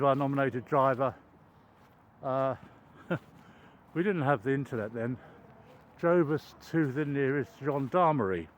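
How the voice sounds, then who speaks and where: A man's voice: medium pitch, slight background noise. An older man telling a meandering, self-deprecating story while walking outdoors, with many ums and restarts. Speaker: vlogger. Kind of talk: rambling anecdotal chat while walking. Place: outdoors in a wooded cricket ground.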